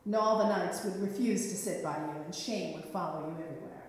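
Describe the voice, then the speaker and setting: A dignified, cornered king who speaks with earnest, measured pleading, as a woman storyteller puts him on. The voice rings out in a reverberant hall, picked up from a distance. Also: lowish voice, natural voice. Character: proud male king, cornered but dignified. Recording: echoey hall, mic far off.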